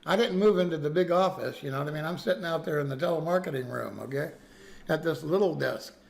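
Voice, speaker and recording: A man's voice: a little high, fast, gravelly. A man casually telling a story to his chat, rambling with restarts and frequent "okay?" checks. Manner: rambling, lots of restarts and "okay?" tag questions.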